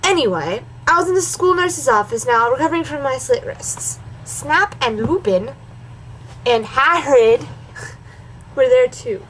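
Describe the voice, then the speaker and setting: A woman's voice: high-pitched, animated, moderate pace, a bit bright, slight background noise, low-quality recording. A woman doing a comedic dramatic reading of a bad story, breaking off for sarcastic asides. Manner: sarcastic, mocking, switches between reading and snarky asides. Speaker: reaction video host.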